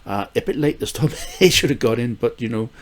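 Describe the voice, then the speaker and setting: An older British man with a mid-range voice runs through his gardening vlog at a brisk pace. He rambles casually, full of fillers and restarts, with the occasional small chuckle.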